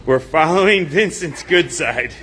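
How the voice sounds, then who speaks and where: A man's voice: fairly high pitch, expressive, measured pace, bright, forceful tone. Joking man hosting a shop live stream. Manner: joking, teasing coworkers, loose rambling. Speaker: host of a gun range live video. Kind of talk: casual live-stream banter. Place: indoor gun shop and range.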